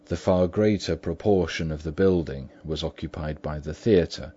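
A man reading a story aloud as narrator, in measured, even storytelling. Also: a bass voice, husky. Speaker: audiobook narrator. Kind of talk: scripted narration. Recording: dull lo-fi recording.

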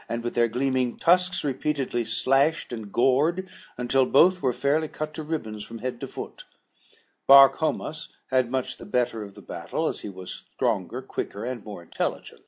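Husky-voiced male audiobook narrator. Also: mid-range voice, dull audio. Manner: measured, formal storytelling. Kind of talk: scripted narration of a classic adventure novel.

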